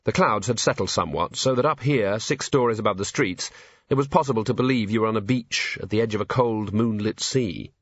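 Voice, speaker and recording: Brief: male audiobook narrator, husky, dry close sound, slightly dull recording. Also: fairly low pitch, fairly quick, no room sound. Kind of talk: scripted narration.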